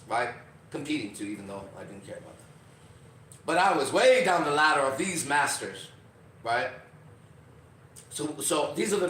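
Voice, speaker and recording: A man's voice: fairly high pitch, fairly bright tone. A man hosts a podcast and tells a story with energy, checking in with "right?" as he goes. His voice sits in a roomy, echoing space, heard from some distance off the mic, with a faint hiss behind it. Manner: acts out quoted lines, often adds "right?". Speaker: podcast host. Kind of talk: animated storytelling.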